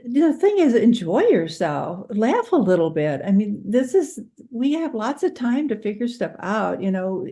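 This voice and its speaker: Gravelly, mellow-voiced woman guest. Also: mid-range voice. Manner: gentle, encouraging, laughs often. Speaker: guest meditation teacher. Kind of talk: interview chat, storytelling.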